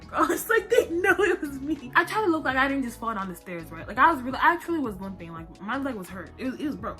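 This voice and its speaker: A 21-year-old woman telling school stories in a chatty, slangy, animated way while unbraiding her hair at home. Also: fairly high pitch. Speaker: vlogger.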